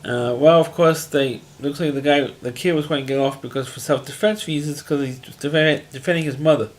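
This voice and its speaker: A man's voice: on the high side, steady tone, a little fast. Rambling man recapping a TV episode. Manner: rambling, frequent restarts and fillers, plain-spoken. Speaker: TV episode reviewer. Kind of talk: casual recap monologue.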